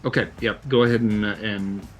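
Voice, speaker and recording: Deep-voiced man running an online tabletop game. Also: fairly even intonation, a little fast, soft background music. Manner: patient, explains step by step with many fillers. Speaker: game master.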